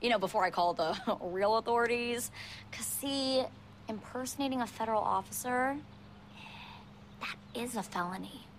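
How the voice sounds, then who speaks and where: A young actress playing a sharp, sardonic teenage girl who makes dry comebacks with little laughs. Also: fairly high pitch, moderate pace, a little hiss or hum, natural voice. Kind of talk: TV drama acting.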